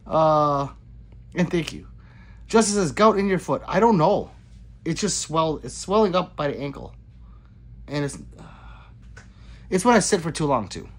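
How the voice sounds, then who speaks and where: A man's voice: on the high side, measured pace, long pauses. Male streamer reading chat aloud, loose and profane, with a voice that rises and falls a lot. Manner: animated, profane, chatty. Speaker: livestream host. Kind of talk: casual livestream chat reading.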